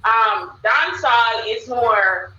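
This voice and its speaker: This Jamaican live-stream host speaks slowly in a slightly high voice that comes across bright and forceful. Her chatter is casual and repetitive as she keeps addressing her viewers in the chat. Her microphone sounds distant, dull, and roomy.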